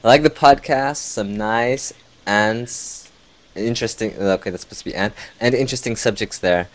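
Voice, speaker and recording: A man with a fairly low voice hosts a casual podcast, reading out emails from listeners. He mumbles and jokes his way through them. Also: normal speed. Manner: mumbling, jokey, often laughing. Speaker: podcast host. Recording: lo-fi voice over internet call.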